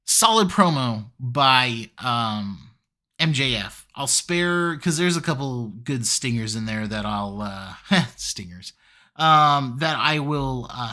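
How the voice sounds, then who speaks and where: A man's voice: mid-range voice, pushed and bright. A man giving a casual solo review of a wrestling show, chatty with lots of fillers and easy laughs.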